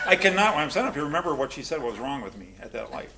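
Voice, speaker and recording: A man's voice: fairly high pitch, sing-song, rapid-fire, very noisy. A man leading a recovery class, telling personal stories in a joking, conversational way and putting questions to the group.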